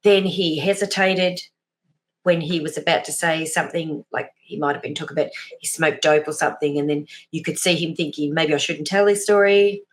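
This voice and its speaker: A woman talks as a guest in a relaxed interview. Her voice sits a little low. She rambles a bit and laughs at herself, acting out small examples as she goes. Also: fairly quick. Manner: chatty, self-deprecating, acts out little examples. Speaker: guest, behavioural profiler. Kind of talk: casual interview chat.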